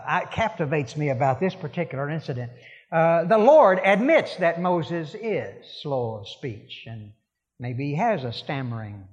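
Preacher in a ringing church. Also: male voice, fairly high pitch, long reverb tail, lo-fi sound. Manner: conversational, repetitive, emphatic. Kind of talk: sermon.

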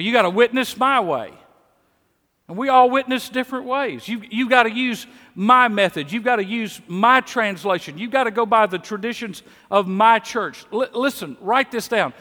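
Middle-aged Southern preacher, fairly high voice, folksy sermon, long echo of a big church hall. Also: male voice, moderate pace, pushed and bright. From Mississippi. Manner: conversational, repeats words when starting a sentence. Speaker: pastor. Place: church sanctuary.

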